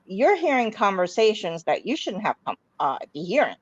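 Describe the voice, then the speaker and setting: A woman in a casual chat, explaining her point deliberately with frequent restarts. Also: mid-range voice, big pitch swings, slightly rough, dry recording, highs cut off.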